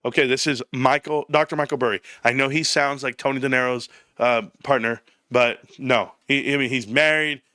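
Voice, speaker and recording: A man hosting a stock livestream, excitable and profane, often laughing and shouting. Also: medium pitch, moderate pace, few pauses, no echo, studio quality. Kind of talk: livestream commentary.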